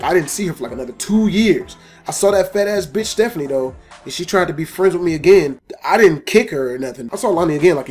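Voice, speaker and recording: A man telling a personal story in a casual vlog, swearing often and acting out the scenes. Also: on the high side. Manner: profane, animated storytelling. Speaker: storytelling video host.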